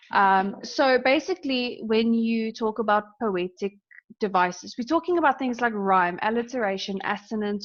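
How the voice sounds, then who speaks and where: A young woman gives a recorded lesson in a fairly high voice, stopping often to check "okay?" as she explains. The sound is dull and lo-fi, like a basic laptop mic. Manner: explains with frequent "okay?" checks, mixing in Afrikaans terms. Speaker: teacher. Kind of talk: recorded screen-share lesson.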